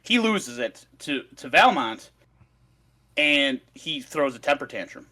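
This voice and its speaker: A man's voice: mid-range voice, very animated, slow, bright, forceful tone. A man on a podcast, recounting a story in a swearing, ranting casual chat. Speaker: podcast co-host presenting research.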